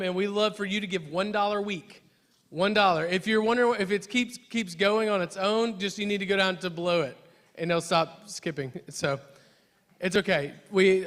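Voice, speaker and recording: Bright-voiced youth pastor man, hall echo. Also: high-pitched. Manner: chatty, restarts often, jokes self-deprecatingly. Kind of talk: youth service announcements and prayer. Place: church youth service hall. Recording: reverberant hall.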